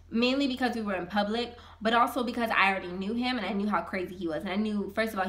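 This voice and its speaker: A young woman vlogger telling a personal story in a casual, animated, slangy way. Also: mid-range voice.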